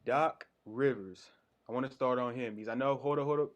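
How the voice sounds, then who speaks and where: Caller, man, rushed delivery, mid-pitched, everyday voice. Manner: hurried, worried about his connection. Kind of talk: call-in on a livestream.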